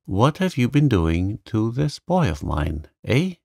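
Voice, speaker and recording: A man doing a gruff old gentleman. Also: fairly low pitch, sing-song, unhurried, no room sound, clean studio sound, heavily acted. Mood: brusque. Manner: abrupt, sharp questions. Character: gruff stern old gentleman, kind underneath.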